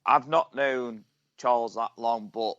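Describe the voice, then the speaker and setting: A man hosts an interview in a blunt, offhand way. His voice is mid-pitched, and it is recorded dry with dull, lo-fi sound. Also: fairly even intonation, slow pace, a bit bright, no room sound. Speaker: interview host. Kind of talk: casual interview chat.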